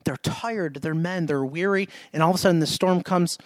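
High-voiced pastor preaching with emphasis. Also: male voice, normal speed, no echo. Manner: emphatic, repeats himself, asks the congregation questions. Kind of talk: sermon. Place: church.

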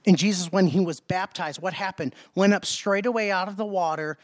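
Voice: medium pitch, a little fast, no room sound. Emphatic preacher, dry close sound. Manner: emphatic, asks rhetorical questions, repeats words. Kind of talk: sermon.

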